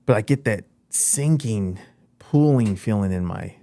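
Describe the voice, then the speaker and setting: Low-voiced man telling a faith story. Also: measured pace, dry recording. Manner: animated storyteller, acts out his own lines. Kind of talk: casual storytelling.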